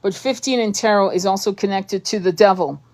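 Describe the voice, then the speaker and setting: Profane, fast-ranting woman tarot channeler. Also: mid-range voice. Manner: heated, profane ranting with rapid asides. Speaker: tarot reader and spiritual channeler. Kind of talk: live-stream monologue.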